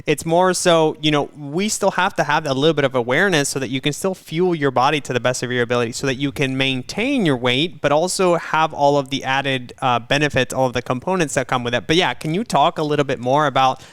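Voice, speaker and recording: A man's voice: medium pitch, fairly quick, few pauses, a bit bright, smooth, dry recording. A man co-hosting a casual podcast, upbeat and laughing easily. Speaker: podcast co-host.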